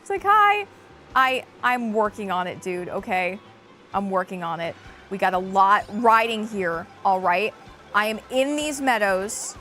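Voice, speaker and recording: A woman co-hosting a livestream, excitable and self-mocking as she plays a racing game and chats with her viewers. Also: mid-range voice, unhurried, faint music behind. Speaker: livestream co-host playing a kart racing game. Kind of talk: casual livestream banter.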